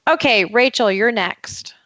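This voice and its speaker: A woman's voice: fairly high pitch, lively intonation, a little slow, a bit bright, no room sound, lo-fi sound. A woman hosting a podcast, teasing her co-hosts and handing off turns in casual chat. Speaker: podcast host.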